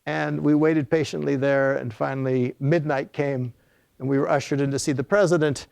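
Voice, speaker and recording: A man's voice: medium pitch, steady tone, moderate pace, gravelly, darkish tone, no room sound. An older man giving a talk as an author, telling an anecdote in a storytelling lecture style with frequent fillers and restarts.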